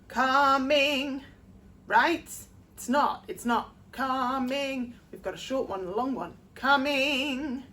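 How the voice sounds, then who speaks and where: A woman, a vocal coach explaining sheet-music rhythm step by step and singing short phrases to demonstrate. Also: on the high side. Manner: explains slowly, sings short demo phrases. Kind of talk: music theory lesson.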